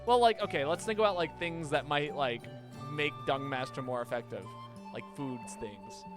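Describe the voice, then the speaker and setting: Male streamer, casual and hesitant, with clear game music behind. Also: a little high, normal speed. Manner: hesitant, repeats words, laughs easily. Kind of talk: casual gaming stream chat.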